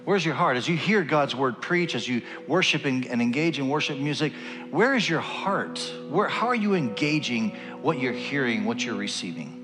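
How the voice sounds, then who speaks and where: A man's voice: medium pitch, lively intonation, normal speed. A man leading his congregation in earnest prayer during a church service, rising toward fervent pleading. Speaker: pastor. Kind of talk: sermon prayer. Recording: long hall reverb with music behind. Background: instrumental worship music.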